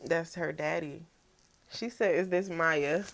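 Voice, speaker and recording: A young woman, talking in a casual, reflective vlog, soft-spoken and relaxed. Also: sits low, takes it slowly, vocal fry. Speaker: vlogger. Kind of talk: personal reflective vlog talk.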